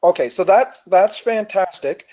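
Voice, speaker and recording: A man's voice: high voice, expressive, a little slow, darkish tone, dull audio. A man in a webinar, describing what he needs and asking a question in a hesitant, casual way, full of ums and uhs.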